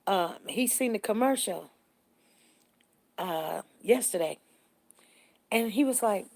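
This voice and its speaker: A middle-aged woman hosts a relaxed morning live stream. She greets her viewers by name and chats with them in a friendly way. Her stories run animated, and she acts out the other people in them. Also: mid-range voice, takes it slowly, creaky, long pauses. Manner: animated storytelling, voices others in the story.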